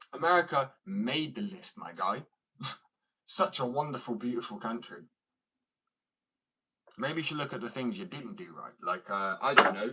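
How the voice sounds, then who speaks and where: A man's voice: mid-range voice, sharp tone, poor audio. A man from Germany, a skateboard artist, ranting back at viewer comments in a combative, mocking and blunt way.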